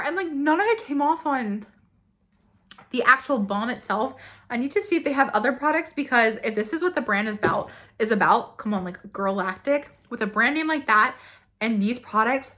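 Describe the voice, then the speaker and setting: A young woman beauty vlogger unboxing products in an excited chat, gasping and gushing as she goes. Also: fairly high pitch, brisk.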